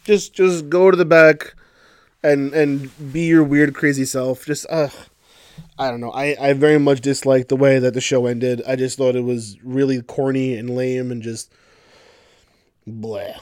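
A man giving casual, sarcastic opinion commentary as a wrestling show reviewer, exasperated and animated as he tells the story. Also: mid-range voice, normal speed, clean tone, no room sound, clean studio sound.

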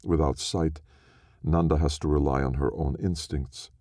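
A man narrating a story in a slow, measured, solemn reading. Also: rumbling low, fairly even intonation, mellow, no room sound, studio quality.

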